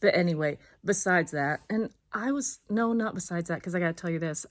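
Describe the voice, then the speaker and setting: A woman's voice: on the low side, normal speed, few pauses, dry recording. A woman in her thirties in a scattered, self-interrupting casual vlog, talking into her phone. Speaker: vlogger. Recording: dull lo-fi phone audio with road noise.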